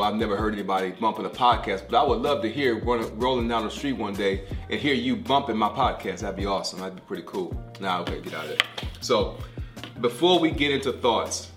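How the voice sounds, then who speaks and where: A man's voice: on the low side, fairly quick, a bit bright, echoey room, soft background music. A middle-aged man giving a podcast devotional sermon, talking like a conversation and repeating key phrases for emphasis. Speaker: pastor.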